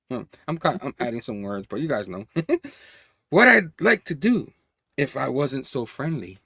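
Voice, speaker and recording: A man's voice: mid-range voice, animated, normal speed, a bit bright, no room sound, clean studio sound. A man casually reviewing a comic book, reading the panel dialogue aloud in a loose, chatty way with frequent laughs.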